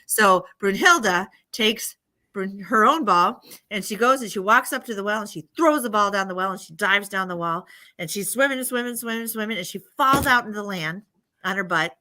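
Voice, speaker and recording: A woman's voice: medium pitch, lively intonation, normal speed, sharp tone. A woman casually retelling a bedtime story on a live stream, rambling with laughing asides. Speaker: livestream host.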